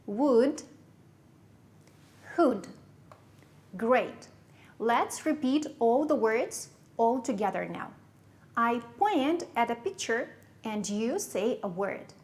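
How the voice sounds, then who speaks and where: A woman with a Kyrgyz accent teaching English to young pupils, slowly repeating and spelling out words. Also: fairly high pitch, expressive, darkish tone.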